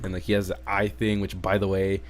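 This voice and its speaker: Deep-voiced male host, loose profane rambling review chat. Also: completely flat delivery, brisk. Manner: rambling, swears heavily, laughs in disbelief. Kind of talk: casual chat.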